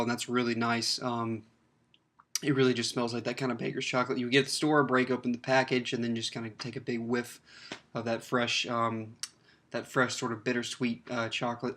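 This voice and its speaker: A man's voice: mid-range voice, sharp tone. A man giving a casual, rambling beer review, full of fillers and restarts. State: slightly choked up, clears throat.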